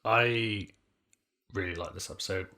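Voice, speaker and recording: A man's voice: low-pitched, unhurried, pushed and bright. A man co-hosting a podcast, giving his thoughtful, laid-back opinions in casual chat. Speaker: podcast co-host.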